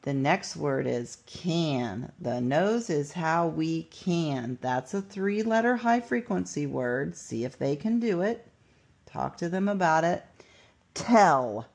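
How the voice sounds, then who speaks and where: Woman teacher, low gravelly voice, unhurried, patient instructional delivery. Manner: patient, step-by-step, sounds out words slowly. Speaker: teacher demonstrating a writing lesson. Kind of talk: instructional walkthrough.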